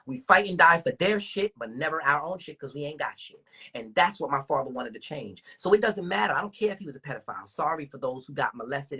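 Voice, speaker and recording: A woman with a husky voice, hosting a casual livestream and ranting in animated, profane talk full of rhetorical questions. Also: low voice. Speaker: livestream host.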